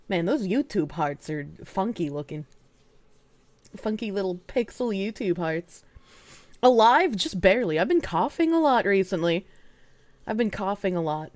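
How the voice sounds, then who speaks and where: A woman's voice: medium pitch, animated, normal speed, no room sound. A young woman streaming and chatting casually with her viewers. She swears freely, laughs often, and talks around a sore, swollen tongue. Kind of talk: casual live-stream chat.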